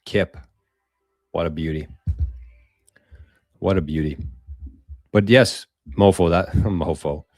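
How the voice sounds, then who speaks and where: Man, live-stream host, low voice, dry close sound, rambling, casual, profane. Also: slow, long pauses, darkish tone, no echo. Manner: rambling, loose and profane, chatting with viewers. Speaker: podcast host.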